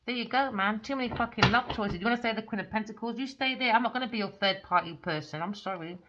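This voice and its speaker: Bright-voiced woman ranting over tarot. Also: on the high side, quick pace, slight background noise. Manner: profane, blunt, ranting. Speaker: tarot reader. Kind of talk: rambling tarot reading mixed with angry venting. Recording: dull lo-fi recording.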